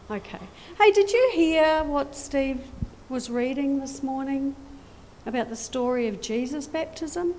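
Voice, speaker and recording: A middle-aged woman talks with children during a church service. Her voice sits high and swings widely as she asks them questions, and her pace is unhurried. A faint room ambience hangs behind her. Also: mellow, a little hiss or hum. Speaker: children's talk leader at church.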